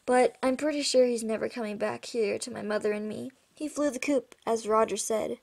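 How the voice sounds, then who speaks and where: A woman voicing an earnest boy with a husky voice who speaks quietly and haltingly. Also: a little high.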